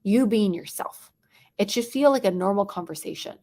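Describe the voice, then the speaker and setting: A young adult woman coaching on sales tonality, talking quickly and dropping into whispers or bright bursts to show different tones. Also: medium pitch. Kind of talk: teaching sales tonality to a live chat audience.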